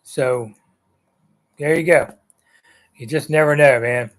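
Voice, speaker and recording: A man's voice: on the high side, slow. A man in his sixties hosting a live sports chat, answering viewer comments in a loose, rambling way. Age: 60s. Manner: rambling, conversational, with frequent ums and uhs. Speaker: sports talk host.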